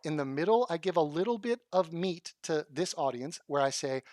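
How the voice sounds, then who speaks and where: A man's voice: on the high side, expressive, normal speed, few pauses, darkish tone, dry recording, studio quality. A man reacting to video clips with blunt, profane, sarcastic commentary. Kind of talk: combative commentary.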